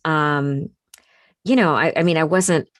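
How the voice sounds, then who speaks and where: Low-voiced woman chatting at home. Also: a little slow, no room sound, studio quality. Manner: relaxed, rambling, many fillers. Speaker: podcast guest, voice actor. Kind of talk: casual chat. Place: home, remote call.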